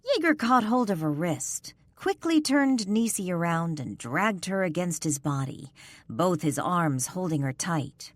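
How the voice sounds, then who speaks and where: A woman narrating a paranormal romance audiobook in a measured, expressive storytelling manner. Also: lowish voice, no room sound, clean studio sound. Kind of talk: scripted narration.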